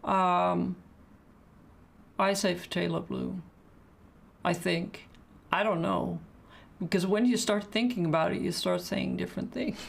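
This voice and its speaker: A woman's voice: fairly low pitch, fairly even intonation, unhurried, gravelly, pauses often, slight background noise. A woman chatting casually during a live painting stream, thinking aloud and answering questions from the chat.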